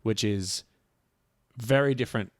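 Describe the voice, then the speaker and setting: A man's voice: fairly low pitch, measured pace, no echo, studio quality. A man co-hosting a casual music podcast, joking and rambling with self-deprecating asides. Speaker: podcast co-host. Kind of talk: casual chat.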